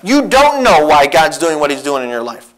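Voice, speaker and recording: A man preaching a sermon in a church as a visiting missionary, telling a Bible story with earnest, animated restarts. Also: on the high side, moderate pace, low-quality recording. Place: church sanctuary.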